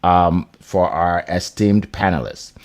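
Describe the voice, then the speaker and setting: A deep-voiced man hosts an online panel over a video call, speaking slowly and casually. He's animated, leans heavily on fillers, and keeps restarting his sentences.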